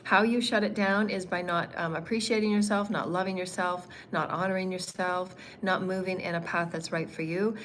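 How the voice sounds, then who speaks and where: A woman's voice: on the low side, fairly even intonation, normal speed, hardly any pauses, a bit bright, a little hiss or hum. A woman teaching a spiritual lesson on a livestream, meandering and repeating phrases, with frequent ums and uhs.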